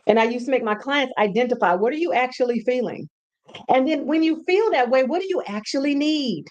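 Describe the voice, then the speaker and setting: Animated woman coaching at home. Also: high voice, brisk, dull audio. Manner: animated, repeats words for emphasis. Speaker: podcast host and brand coach. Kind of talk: casual teaching talk.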